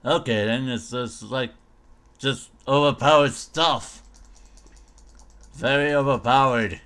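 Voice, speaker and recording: A man's voice: medium pitch, takes it slowly, long pauses, a bit bright. A man casually commenting on a game mod as he tries it, thinking aloud and mumbling silly noises. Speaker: gamer showcasing a mod.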